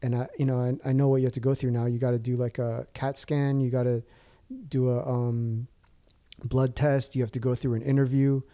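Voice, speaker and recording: A man's voice: mid-range voice, little pitch movement, brisk, dark tone. A man in his thirties casually telling a long story, rambling with lots of fillers and restarts. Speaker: guest.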